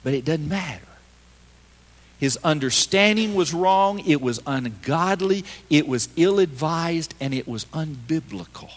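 Dynamic preacher in a reverberant sanctuary. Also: male voice, a little high, expressive, a little slow. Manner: emphatic, swinging between loud and hushed. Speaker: pastor. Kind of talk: sermon. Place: church sanctuary.

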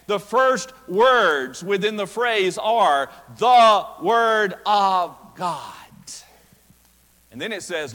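A male pastor delivers a sermon with emphatic, deliberate phrasing, drawing out the quoted lines. His voice sits fairly high for a man. The sound carries a long reverb from a church hall. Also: fairly bright tone. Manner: emphatic preaching with slow stressed quotations. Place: church sanctuary.

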